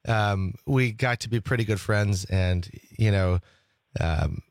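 A man's voice: fairly low pitch, slow, no echo. A man from Wisconsin hosting a talk radio show, chatting casually and rambling with lots of restarts. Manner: rambling, with many restarts and fillers.

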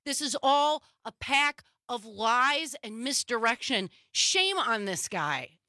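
A woman's voice: a little high, very animated, slow pace, bright, forceful tone, dry recording, clean studio sound. A woman panelist on a political talk show, heated and emphatic.

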